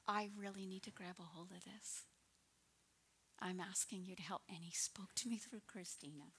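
A woman in her sixties giving an earnest personal testimony as a minister, often dropping into a soft, breathy near-whisper. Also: medium pitch, slight background noise.

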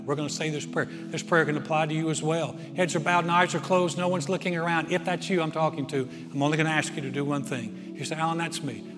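A man preaching a sermon as pastor, earnest, repeating his phrases and swinging between loud and soft. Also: a little high. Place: church auditorium. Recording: long reverb of a large auditorium, faint music.

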